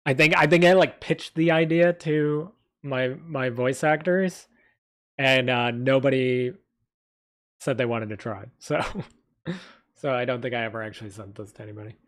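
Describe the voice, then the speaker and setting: A male streamer talking casually to his viewers in a mid-pitched voice. He rambles and hesitates, stopping often to restart his sentences and reach for the next word. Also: moderate pace, a bit bright. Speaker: streamer and fantasy writer. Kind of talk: casual live-stream chat.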